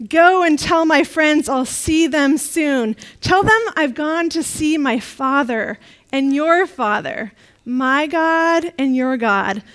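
A woman voicing the risen Jesus giving slow, firm instructions. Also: sits high, fairly bright tone, poor audio. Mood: commanding. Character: risen Jesus, calm commanding man.

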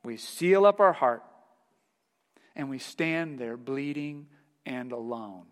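A male pastor preaching a sermon, telling stories in a lively, animated way and laughing along with them. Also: mid-range voice, takes it slowly, big-room sound. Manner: storytelling, laughs heartily while telling anecdotes.

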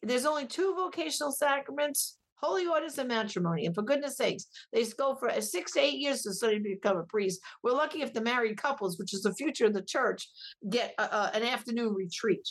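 An emphatic, animated middle-aged woman talking on a radio show, her voice slightly husky and pitched a touch high. She presses her points hard, often repeats them, and moves from storytelling to firm moral argument. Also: fairly quick. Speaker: guest, pro-life ministry director. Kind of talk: radio talk show interview.

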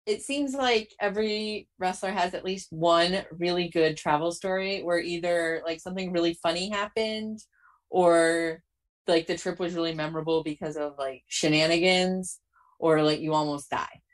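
A woman hosting a casual interview, asking unhurried questions full of "like". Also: fairly low pitch. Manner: unhurried, filler-heavy questions with "like". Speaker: podcast host.

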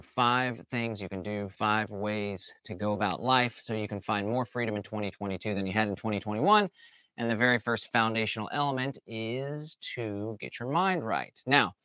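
Male host, motivational talk, acts out little voices, crisp tone, no room. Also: fairly low pitch, brisk, dry recording. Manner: animated, acts out imagined people's lines.

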